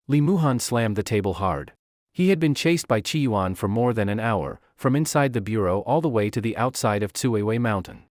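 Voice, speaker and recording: A man narrating a comic recap story with a dramatic, animated delivery. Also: on the low side, moderate pace, no echo, clean studio sound.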